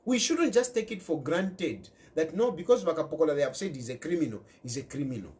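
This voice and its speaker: Impassioned Zambian man, lively pitch. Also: fairly quick. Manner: emphatic, repeats key phrases, mixes in local words. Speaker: political commentator. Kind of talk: impassioned direct-to-camera commentary.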